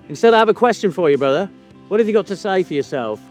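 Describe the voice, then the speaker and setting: A man's voice: high-pitched, lively intonation, fast, soft background music. A man hosting a podcast in casual chat, teasing his co-host with mock indignation and free swearing.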